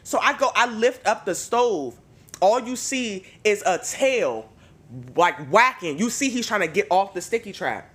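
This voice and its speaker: Brief: woman podcast host, bright, lively storyteller who swears freely. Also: medium pitch, unhurried. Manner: animated, profane storytelling. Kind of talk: casual podcast chat.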